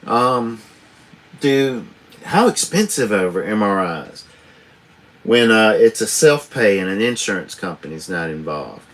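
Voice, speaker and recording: A man talks slowly on a live stream, his pitch rising and falling freely. He rambles, chuckles and swears in an easygoing trucker's way. It is recorded on a tablet camera. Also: very animated, a bit bright. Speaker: truck driver livestreamer. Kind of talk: casual live-stream chat.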